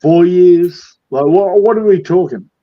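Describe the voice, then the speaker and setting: A man's voice: sits high, unhurried. A man in blunt, joking banter with a co-host, swearing and talking over a lo-fi video call. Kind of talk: casual live-stream chat.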